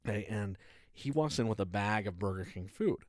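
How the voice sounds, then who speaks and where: A man's voice: on the low side, animated, fairly quick, darkish tone, no room sound, clean studio sound. A man co-hosting a casual talk show, telling rambling stories full of fillers and laughs. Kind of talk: casual chat, storytelling.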